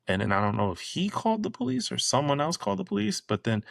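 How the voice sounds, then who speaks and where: A man with a gravelly, creaky voice tells a story on a podcast in casual chat, animated and quick to imitate others. His mic sounds dry and close, with no room echo. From Florida. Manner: animated storytelling, mimics people in a high voice. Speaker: podcast co-host.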